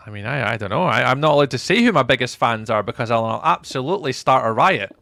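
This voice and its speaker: A young man chatting casually with viewers while live streaming, playful and often trailing off into a softer voice. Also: medium pitch, expressive, quick pace, gravelly, soft background music.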